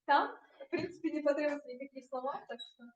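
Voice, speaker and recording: A woman guide calmly explaining things to visitors inside a church. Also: high voice, fast talker, dull audio.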